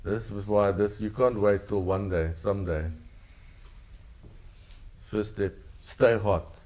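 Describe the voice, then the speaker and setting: A man with a very low voice delivering a sermon. His preaching is earnest and leans on repeated phrases. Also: steady tone, slow, darkish tone. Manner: earnest, repetitive preaching cadence. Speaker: pastor.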